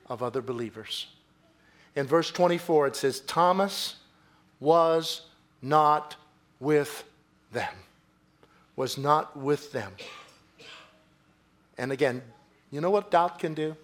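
A man preaching a sermon in a church, swinging from quiet, low phrases to loud, excited bursts. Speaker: pastor.

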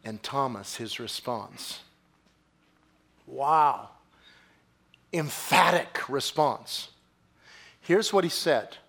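A man preaching a sermon in a church, swinging from quiet, low phrases to loud, excited bursts. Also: very slow, creaky, pauses often. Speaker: pastor.

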